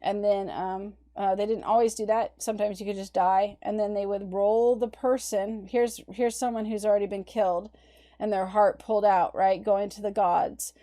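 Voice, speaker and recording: An art history instructor gives a conversational recorded lecture, talking through the images on her slides. Her mid-range voice is warm and steady, at a moderate pace.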